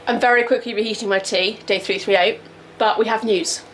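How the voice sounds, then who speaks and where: A young woman vlogging about her pregnant mare, cooing and praising the horse in a soft singsong. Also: medium pitch, steady tone, fairly quick, background noise. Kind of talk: casual vlog narration. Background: loud background music.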